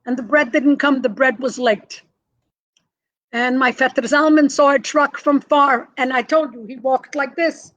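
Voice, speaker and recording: Older woman with a high-pitched voice, an emphatic storyteller, interviewed. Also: steady tone, measured pace, fairly bright tone, highs cut off. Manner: emphatic, vivid family storyteller. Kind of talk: personal storytelling.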